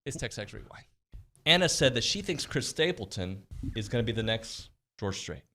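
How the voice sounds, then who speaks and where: A man co-hosting a relaxed sports talk show, his voice swinging up and down in a lively way. He jokes and banters loosely, often stumbling and restarting his sentences. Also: medium pitch, moderate pace, soft background music. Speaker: co-host. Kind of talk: casual sports chat.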